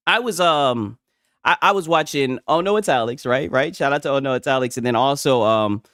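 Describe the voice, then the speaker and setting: A man's voice: medium pitch, a little fast, a bit bright, dry recording, clean studio sound. A man hosting casual gaming commentary from a home setup, talking in a profane, mocking way and laughing often.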